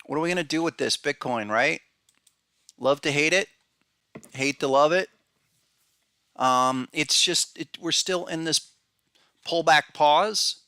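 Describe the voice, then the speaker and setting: A man's voice: fairly high pitch, takes it slowly, long pauses, sharp tone, clean tone, dry recording, clean studio sound. A man hosting a podcast, talking through charts in a rambling, casual way with many restarts and fillers, calling out viewers by name. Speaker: podcast host and trading analyst. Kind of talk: casual market analysis talk.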